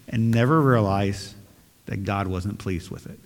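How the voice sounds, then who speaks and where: A man's voice: medium pitch, slow. A male pastor preaching a sermon and leading prayer, earnest and emphatic, repeating phrases for stress. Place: church sanctuary. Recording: long hall reverb.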